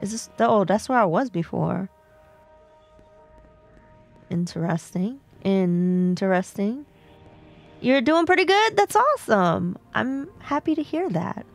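Slow-talking woman streaming a game. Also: mid-range voice, animated, vocal fry, faint music behind. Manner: chatty, talks to herself and chat while playing. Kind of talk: live game stream chat.

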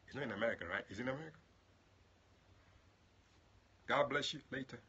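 A male prophet and pastor praying and then chatting affectionately with his online viewers, greeting them by name and jumping into high exclamations. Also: animated, fast, pauses often, sharp tone, husky, muffled recording. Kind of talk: livestream prayer and chat with viewers.

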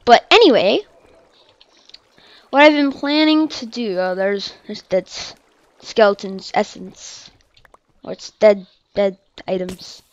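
Speaking slowly in a mid-range voice with long pauses, a young woman narrates her own game for her channel, rambling and apologizing. Losing upsets her, and she cries out and shouts after dying; the lo-fi mic sounds dull, with no room sound.

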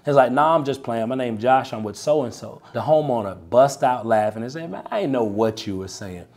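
A man, coaching sales reps in a punchy, animated, preacher-like way, often tagging lines with "right?". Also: mid-range voice, brisk. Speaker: sales coach and podcast host. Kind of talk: motivational sales coaching talk.

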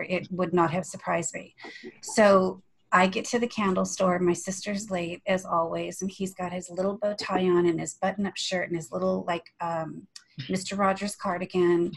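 A woman's voice: medium pitch, low-quality recording. A woman on a panel discussion, talking candidly and animatedly, telling a story over a video call.

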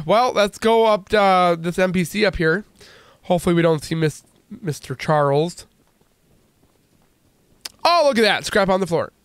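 A man hosting a gaming channel, commenting excitably and joking as he plays. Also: fairly high pitch, clean tone, dry recording. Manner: excitable, jokey, exclaims and laughs often. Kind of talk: let's play commentary.

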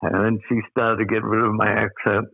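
A man's voice: on the low side, monotone, fairly quick, creaky, breathy edge, dry recording, narrow, tinny audio. An older Australian man telling rambling anecdotes as an interview guest, full of fillers. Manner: rambling, with many uh fillers and laughs. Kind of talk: anecdotal storytelling.

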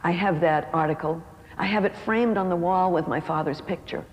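A middle-aged woman, an author and speaker, telling a personal story in an emotive way and slowing down for emphasis. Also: fairly low pitch. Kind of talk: storytelling talk. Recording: reverberant hall with faint noise.

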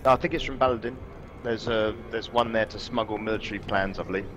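A man's voice: on the low side, steady tone, fast, fairly bright tone, muffled recording, soft background music. A man playing a game with friends, making dry, understated remarks. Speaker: fellow player. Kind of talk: casual game chat.

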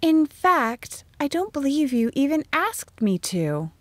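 A woman's voice: sits high, slow, dry recording, voice pushed up, exaggerated voice. A woman voicing an earnest, spirited eighteen-year-old schoolteacher in an audiobook. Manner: lively, bright-toned dialogue reading.

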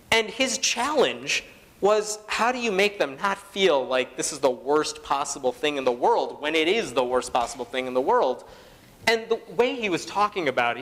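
A man's voice: a little high, a bit bright. Chatty man speaking in a reverberant hall. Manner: conversational, fillers and quoted asides. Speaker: conference speaker. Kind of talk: public talk to an audience. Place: conference hall.

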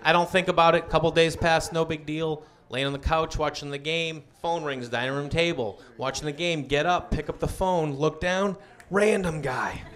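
A man's voice: on the high side, moderate pace, fairly bright tone. A man telling a story in stand-up, acting out the voices of the other people in it. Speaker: stand-up comedian. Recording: live club crowd and noise.

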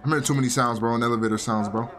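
A man's voice: medium pitch, fairly even intonation, racing, fairly bright tone. A young man giving chatty, emotional gameplay commentary, saying "bro" a lot. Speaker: gaming video creator. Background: game soundtrack music.

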